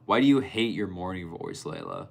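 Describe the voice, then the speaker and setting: A young man with a low voice, hosting a casual live stream. He reads out his viewers' comments and answers them by name, and sometimes gets animated while telling a story. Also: normal speed. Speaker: livestreamer reading chat.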